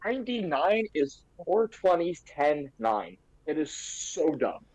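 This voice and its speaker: A man's voice: a little high, animated, slow, a little mellow, no room sound, poor audio. A man in casual stream chat, ranting in exasperation about a pet peeve.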